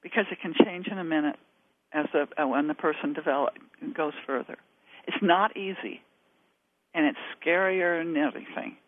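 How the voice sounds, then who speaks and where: A woman's voice: low-pitched, normal speed, dry recording. A woman guest on a call-in radio show, talking earnestly about dementia care, laughing easily and restarting her sentences. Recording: tinny phone-like line.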